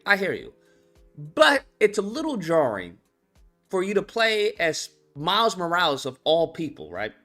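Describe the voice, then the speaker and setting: Guy going off on a game, swears a ton, pretty high voice that jumps all over. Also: sharp tone. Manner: profane, heated ranting with many restarts. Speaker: commentary channel host. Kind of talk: ranting game commentary.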